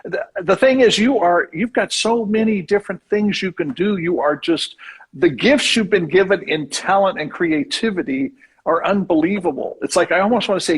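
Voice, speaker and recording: A male radio host with a high, husky voice interviews a guest. He is chummy and effusive, piling on praise between questions. The tone stays casual throughout. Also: expressive, brisk.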